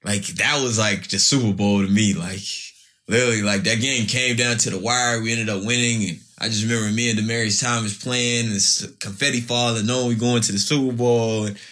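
A man's voice: on the low side, steady tone, fairly quick, bright, forceful tone. Easygoing man telling stories. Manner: loose, storytelling, many restarts. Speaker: pro football player. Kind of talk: casual interview answers.

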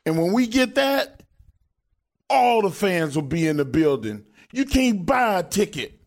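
A middle-aged man, a former wrestler co-hosting a podcast, talking in a fired-up, blunt, profane way. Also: high-pitched. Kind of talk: casual chat.

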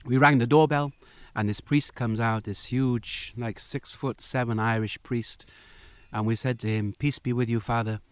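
Male interview guest, lively storyteller who voices his characters; middle pitch, dry close recording. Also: normal speed, clean tone, dry recording. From United Kingdom. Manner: animated storyteller acting out quoted voices. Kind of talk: storytelling in a conversation.

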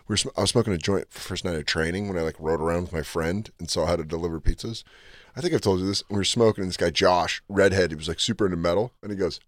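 A man co-hosting a podcast, telling animated, profane anecdotes in casual banter. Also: deep voice, no room sound, studio quality. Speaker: podcast co-host. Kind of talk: crude casual banter, storytelling.

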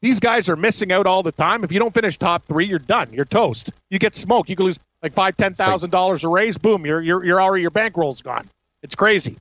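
A man with a high voice talks emphatically about losing bets, using plenty of slang. The sound is dry and close. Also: a little fast, a bit bright, no echo, rough recording. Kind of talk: casual chat.

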